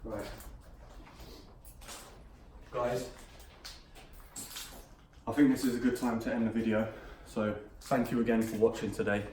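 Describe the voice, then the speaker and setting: A man's voice: lowish voice, steady tone, unhurried, long pauses, a little mellow. Man taunting a ghost, swearing. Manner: taunting, swearing, provoking a spirit. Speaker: paranormal investigator host. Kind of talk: ghost-hunting vlog. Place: inside an empty house. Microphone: camera mic. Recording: echoey rooms, distant mic, faint background noise.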